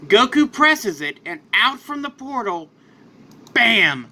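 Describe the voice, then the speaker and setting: A man casually improvising a fan story, in a rambling, animated way. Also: extremely high pitch, takes it slowly.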